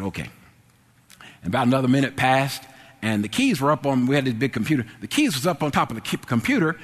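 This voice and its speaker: This is a man telling a personal story before an audience, his voice sitting at an ordinary middle pitch. He is animated, sliding from low, hesitant mumbles up to loud, excited exclamations. The sound carries a long reverb, as if spoken in a large hall. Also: husky. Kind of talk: personal anecdote told to an audience.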